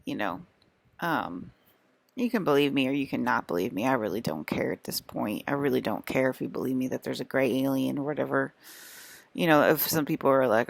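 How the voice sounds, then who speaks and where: A woman's voice: very deep voice, a little fast, vocal fry, no room sound. A young woman vlogging to camera in a meandering, repetitive way, with many fillers and restarts. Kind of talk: casual rambling monologue.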